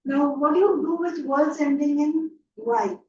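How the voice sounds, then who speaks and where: An unhurried woman with a high, mellow voice gives an online English grammar lecture from a room, often checking in patiently with "yeah?" and "right?". Slight background noise sits in the roomy, distant, dull recording.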